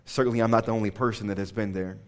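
A man preaching to a congregation, telling a personal story with lively asides and questions to the room. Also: on the low side, rapid-fire. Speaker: pastor.

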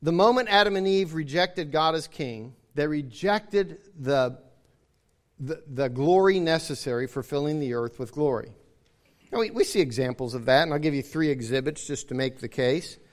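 A man's voice: fairly high pitch, moderate pace. A man preaching a sermon emphatically, repeating phrases to drive his points home and calling out to the congregation.

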